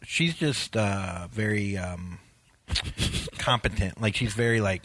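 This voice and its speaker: A man who is a comedian hosting a casual podcast, goofy and animated, slipping into silly bits. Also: lowish voice, takes it slowly, no echo.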